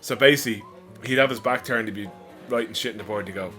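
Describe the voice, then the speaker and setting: A man's voice: lowish voice, fast, pushed and bright, soft background music. A man in casual podcast chat, chiming in with his own school stories and swearing freely. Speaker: podcast co-host.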